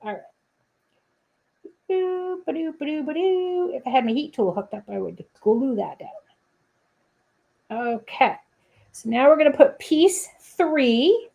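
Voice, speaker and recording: A woman's voice: fairly high pitch, lively intonation, unhurried, vocal fry, long pauses, a little mellow, husky. A woman hosting a casual crafting livestream, chatting to viewers with playful asides and humming little scat tunes while she works. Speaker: papercrafting livestream host.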